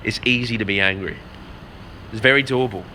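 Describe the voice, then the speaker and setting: A young man's voice, very bright and forward, rambles through a casual vlog chat, peppered with swearing and "bro". Faint noise hums in the background. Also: on the low side, fairly quick. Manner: rambling, profane storytelling with lots of "man" and "bro". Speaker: vlogger.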